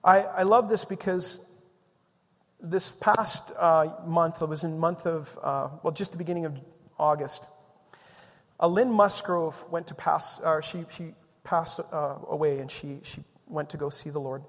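A man preaching a sermon as the pastor, telling a story in an animated way that swings between loud and soft. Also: fairly high pitch, a little slow, in a large hall.

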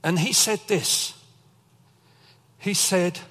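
A man's voice: on the high side, normal speed, fairly bright tone, in a large hall. Man preaching with a storytelling manner. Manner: storytelling, emotional testimony. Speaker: pastor. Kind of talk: sermon.

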